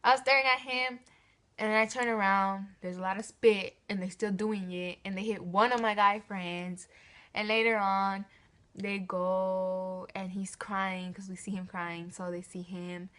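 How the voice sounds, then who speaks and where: A woman's voice: mid-range voice, steady tone, measured pace, a bit bright. Teenage girl vlogger, casual and rambling storyteller, giggles a lot, mid-range voice. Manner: rambling, stumbles and restarts often; giggly, laughs mid-sentence.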